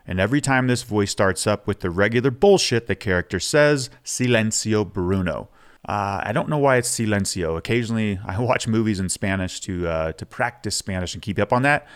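A man hosts a podcast in a candid, relaxed monologue. His voice sits a little low. He talks openly and casually, swearing now and then. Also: a little fast, hardly any pauses, smooth. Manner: frank, casual, swears freely. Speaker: podcast host.

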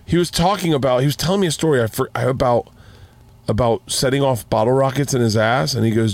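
Animated man telling stories with restarts. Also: medium pitch, fast, dry recording. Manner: animated storyteller with many restarts. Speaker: guest comedian. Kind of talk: casual podcast chat.

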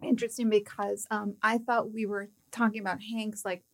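A woman's voice: mid-range voice, level tone, normal speed. A woman guest on a casual comedy chat show, talking hesitantly with many fillers. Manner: hesitant, lots of likes and ums.

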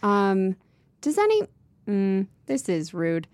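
A woman's voice: mid-range voice, very animated, slow, a little mellow, no room sound. A woman co-hosting a casual chat, blunt and dry, swearing freely. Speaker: podcast co-host.

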